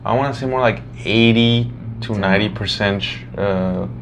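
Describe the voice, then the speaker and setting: A man's voice: fairly low pitch, normal speed, a little hiss or hum. A man co-hosting a podcast, offering his opinions in a hesitant, hedging way. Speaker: podcast co-host. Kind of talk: casual chat.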